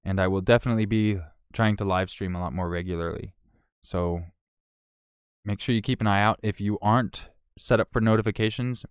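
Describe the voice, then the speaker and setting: A man with a low voice chats on a live stream, reading out donors' names. He is laid-back, swears freely and laughs as he goes. His tone is smooth and clear, and the sound is close and dry. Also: no echo. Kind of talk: casual live-stream chat.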